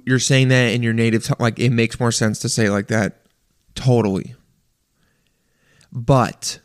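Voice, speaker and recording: A man delivering an animated, profane rant in a casual monologue, stammering and restarting often. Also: mid-range voice. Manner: profane, exasperated, animated ranting.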